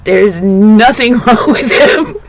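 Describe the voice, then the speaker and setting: A woman sharing reflective spiritual stories in a vlog, often breaking into laughter and getting animated as she retells funny moments. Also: slow, dry recording. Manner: animated retelling, rising pitch when excited. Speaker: vlogger.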